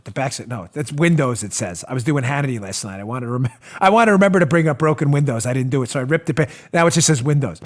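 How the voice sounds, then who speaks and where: A man hosting a political talk show, speaking in a sarcastic, animated, mocking manner from a studio. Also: a little high, fast talker, few pauses. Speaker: host.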